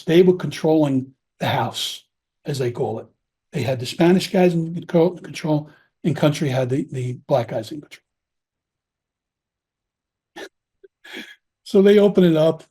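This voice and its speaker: A middle-aged man tells his story in a blunt, swearing, animated way. His voice sits fairly high for a man but has a mellow, husky tone. He talks like a guest in a casual interview. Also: a little slow, pauses often. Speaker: podcast guest recounting his prison time.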